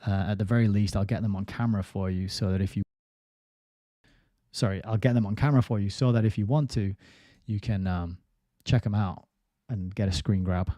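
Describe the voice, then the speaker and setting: A man's voice: lowish voice, fairly even intonation, a little fast, mellow, no room sound, studio quality. A man hosting a book review livestream, rambling casually and reading viewer comments aloud. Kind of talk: casual live-stream chat.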